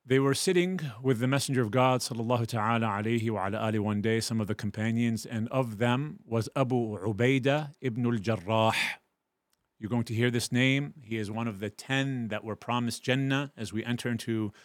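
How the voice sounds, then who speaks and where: Animated male teacher on a dry mic. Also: mid-range voice, a little fast, dry recording. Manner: animated, acts out quoted voices loudly. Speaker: Islamic teacher. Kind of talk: online class storytelling.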